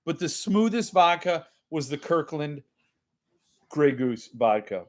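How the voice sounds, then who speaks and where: Male host, casual live chat, unhurried and self-deprecating, slightly higher voice. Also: big pitch swings. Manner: rambling, self-mocking, laughs often.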